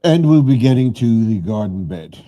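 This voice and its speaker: A man hosting a casual live stream from his home man cave, talking in a slow, rambling, low-key way. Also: lively intonation, dark tone.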